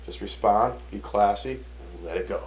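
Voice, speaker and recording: A man from Detroit, a restaurant owner and chef, telling animated stories in a casual interview, acting out the voices of the people in them and swearing casually. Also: on the low side, moderate pace, a little hiss or hum, rough recording. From Detroit, USA.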